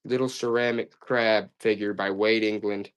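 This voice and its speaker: A man's voice: fairly low pitch, fairly even intonation, moderate pace, clean tone. A man selling vintage items on a live stream, chatting to viewers in a repetitive, hyped-up sales patter. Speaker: live auction seller.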